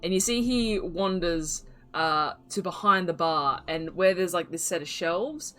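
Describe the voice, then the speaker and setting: A woman's voice: fairly low pitch, unhurried, a bit bright. A woman narrating as game master of a tabletop game, describing scenes loosely with many fillers and asides.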